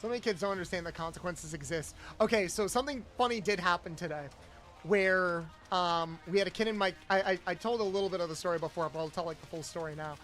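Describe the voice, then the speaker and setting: A man's voice: sits high, quick pace, fairly bright tone, faint music behind. A young man, a streamer host, chatting casually and acting out the people he quotes in his stories. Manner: rambling storyteller, acts out quotes. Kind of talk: casual chat while gaming.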